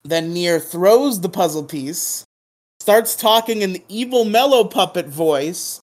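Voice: mid-range voice, expressive, slow pace. A podcast co-host giving a casual, playful recap of a drama episode, humming dramatic sound effects and laughing along the way.

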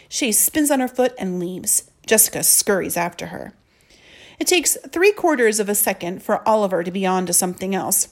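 A woman narrating a children's story in the first person, in a soft, earnest way. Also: mid-range voice, expressive, moderate pace. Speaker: audiobook narrator.

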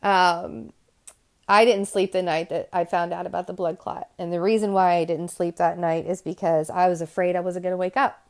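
A woman's voice: fairly low pitch, darkish tone. A woman hosting a podcast, talking to her listeners in a candid, rambling monologue full of asides and restarts. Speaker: podcast host.

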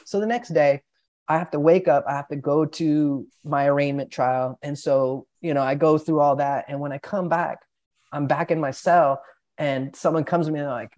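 A man's voice: a little high, normal speed, darkish tone. A young man telling a long personal story in a casual podcast chat, rambling and profane, with lots of filler words. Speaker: podcast guest.

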